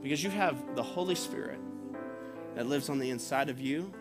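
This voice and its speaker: A man preaching a sermon as pastor, excitable and rambling, restarting his sentences often. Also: medium pitch, normal speed, loud music behind the voice.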